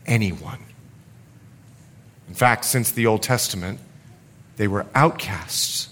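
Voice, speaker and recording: A male pastor preaching a sermon, swinging from loud urgency to hushed confession. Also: mid-range voice.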